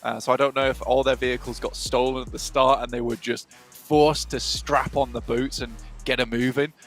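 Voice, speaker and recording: A man casting an esports match in a measured, chatty way, with many ums and uhs. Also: mid-range voice, little pitch movement, soft background music. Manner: measured, conversational, with fillers. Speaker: caster. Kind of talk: esports play-by-play commentary.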